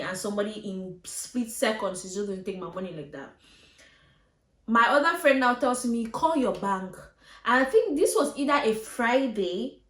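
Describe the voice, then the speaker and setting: A woman's voice: mid-range voice, fairly bright tone, echoey room. A woman vlogger telling a story time with emotion, acting out her own quoted lines and at times getting teary. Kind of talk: storytime vlog.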